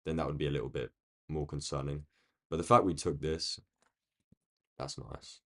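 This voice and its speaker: A man with a London accent chatting casually on a live stream, rambling along and answering viewers' comments from a quiet room. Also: extremely low pitch, steady tone, moderate pace. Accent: London English. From United Kingdom. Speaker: day-trading live streamer.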